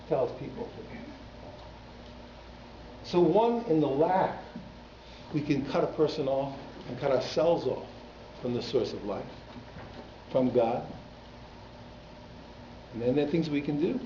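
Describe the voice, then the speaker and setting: Taking it slowly and pausing often, a rabbi with a warm, animated voice on the high side leads an informal Torah class, speaking conversationally and aiming teasing asides at his congregation. The setting is a synagogue hall, and the recording is echoey, slightly muffled, with a faint hiss or hum.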